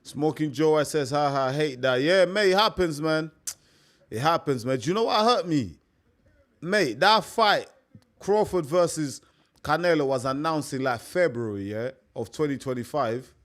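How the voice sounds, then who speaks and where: A man's voice: a little high, expressive, moderate pace, a bit bright. A young man hosting a live stream, chatting casually and repeating himself, calling his listeners mate. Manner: chatty, repetitive, peppers talk with "mate".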